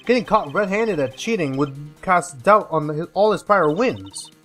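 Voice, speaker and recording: A man voicing a smug, scheming female card-sharp dealer in a video game, with slow, drawn-out tough talk. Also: high-pitched, animated, faint music behind.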